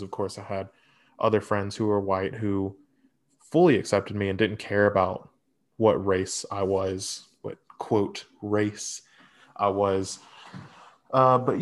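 A young man with a fairly low voice chats as a podcast co-host. He tells personal stories candidly and swears freely, loose and conversational. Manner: candid, profane, animated storyteller. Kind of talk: casual personal storytelling.

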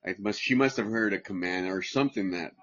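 Podcast host from Southern California, middle-aged man, husky and dull-sounding, rambling and profane. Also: fairly low pitch, brisk, fairly bright tone. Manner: rambling, profane, restarts often. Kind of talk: casual livestream podcast chat.

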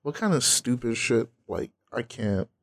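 A man co-hosting a casual podcast chat, animated, sarcastic and profane. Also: mid-range voice, a little slow. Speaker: podcast co-host.

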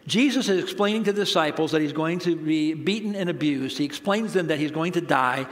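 Animated high-voiced male preacher. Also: a little fast. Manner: animated, humorous, conversational preaching. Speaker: pastor. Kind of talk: sermon.

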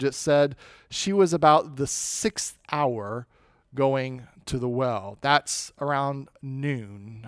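A male pastor preaching a sermon, swinging between loud emphasis and dropping low and slow on key words. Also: clean tone, dry recording.

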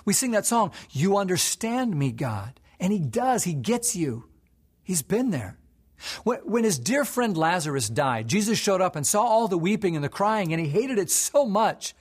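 A male pastor preaching a sermon, moving between soft, hushed prayer and rising, impassioned emphasis. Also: high voice, big pitch swings, moderate pace, husky.

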